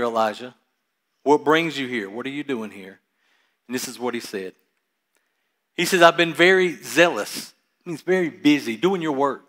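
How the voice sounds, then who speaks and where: Male pastor, medium pitch, sermon delivery, loud-to-soft dynamics, casual asides. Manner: reads Scripture aloud and explains it with casual asides; swings between loud emphasis and quiet, trailing lines.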